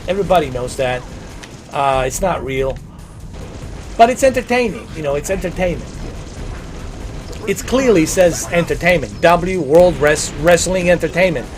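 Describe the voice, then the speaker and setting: A man's voice: fairly high pitch, expressive, normal speed, long pauses, soft background music. A man in his forties chatting casually on a gaming livestream, rambling, repeating himself and giving earnest opinions. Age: 40s. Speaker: livestream gamer.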